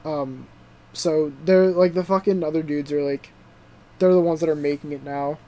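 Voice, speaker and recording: A young adult man's slightly high voice comes through with lo-fi sound as he co-hosts a podcast at a moderate pace. He recaps a TV show excitedly and casually, full of swearing, "dude," and "like."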